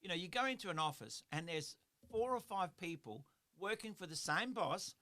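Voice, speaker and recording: A middle-aged man hosts a motivational radio show. His voice sits high and bright, with a forceful edge. He talks earnestly and rambles a little, circling back to repeat his key phrases. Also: lively intonation, moderate pace. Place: radio studio.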